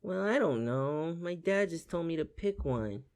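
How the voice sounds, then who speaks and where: A man voicing an excitable teenage boy buying his first car, in a squeaky high cartoonish voice. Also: a little slow. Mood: naive.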